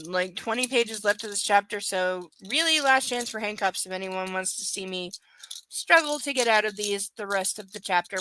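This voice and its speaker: A woman's voice: mid-range voice, sharp tone, a little hiss or hum. A woman reading a novel aloud on a livestream, breaking off to chat, swear and tease her viewers by name. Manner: chatty, profane, teasing viewers by name. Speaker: livestream reader. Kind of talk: live reading with casual chat asides.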